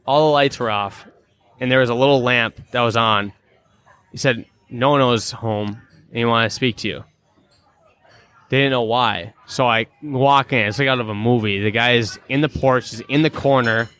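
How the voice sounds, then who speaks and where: A man's voice: mid-range voice, normal speed, smooth. A man in his thirties from Minnesota with a Minnesotan accent, a hockey player telling stories in a casual chat and acting out the people he quotes. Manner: animated storyteller acting out quotes. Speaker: guest, pro hockey player.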